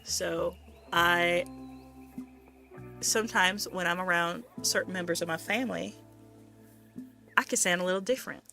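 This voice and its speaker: A woman's voice: lowish voice, a little slow, gravelly, long pauses, pushed and bright. Giggly, chatty woman streamer. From United States. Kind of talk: casual gameplay chat. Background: faint game music.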